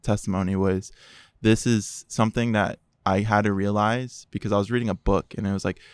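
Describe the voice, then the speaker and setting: A man, a podcast guest, telling his personal testimony in an animated way, acting out the dialogue. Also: lowish voice, a little fast, clear, resonant tone, no echo. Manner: animated, acts out quoted dialogue.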